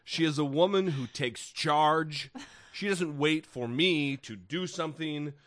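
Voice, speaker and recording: A man's voice: a little high, measured pace, a bit bright, no echo, studio quality. A man co-hosting a podcast in casual chat, wry and rambling, swearing freely and restarting his sentences. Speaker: podcast co-host.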